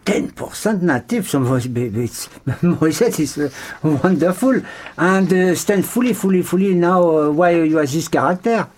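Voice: medium pitch, animated, darkish tone, a little hiss or hum. Interviewer hamming it up, lots of uh and oh la la, jokey fake interview. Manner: theatrical, exclaiming, halting with fillers. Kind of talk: comic mock interview.

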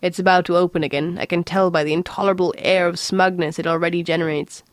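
A weary, depressed male robot, as a woman reading a story puts him on, complaining in a slow droning monotone. The voice sits low and sounds close and dry. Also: no echo, close to an everyday voice. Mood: gloomy. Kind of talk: audiobook reading.

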